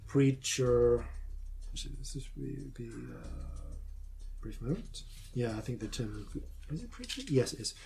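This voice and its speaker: A man narrating as game master, halting and full of filler sounds as he describes the scene. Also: mid-range voice, expressive, gravelly, dark tone, slight background noise. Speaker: dungeon master.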